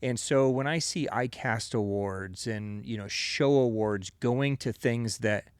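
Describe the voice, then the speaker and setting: A man co-hosting a casual podcast, talking things through in a loose, rambling way and dropping "you know" into nearly every thought. His voice is mid-pitched. It is recorded dry and close, with no room sound. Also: a little slow, smooth, no echo. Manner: rambling, opinionated, full of "you know" and "right?". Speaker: podcast co-host.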